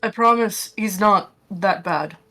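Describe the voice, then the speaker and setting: Woman tabletop player, mid-pitched, blunt casual talk, faint music behind. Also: takes it slowly, pushed and bright. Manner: blunt, swears casually, playful. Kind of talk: casual game chat.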